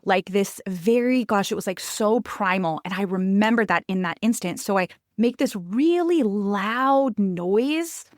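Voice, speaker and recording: A woman's voice: mid-range voice, lively intonation, unhurried, few pauses, dry recording, clean studio sound. A woman in her thirties hosting a podcast, telling a personal story in a confiding, emphatic way and speaking straight to her listeners. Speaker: podcast host.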